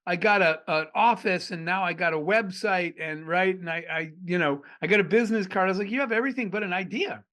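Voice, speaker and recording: A middle-aged man from Arizona, an entrepreneur guest on a podcast, telling animated stories and acting out the dialogue. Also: high voice, fast, hardly any pauses. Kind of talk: storytelling in a podcast interview.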